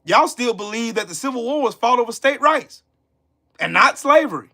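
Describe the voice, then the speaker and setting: A man's voice: very high-pitched, expressive, normal speed, sharp tone. A man with a Southern American accent hosting a live stream, ranting about politics bluntly and profanely, repeating himself for emphasis and answering chat.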